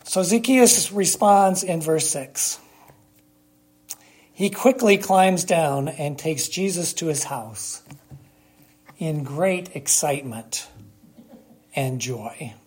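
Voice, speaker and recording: A preacher giving a sermon, speaking emphatically with long dramatic pauses and rhetorical questions to the congregation. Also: medium pitch, lively intonation, a little mellow, slightly rough.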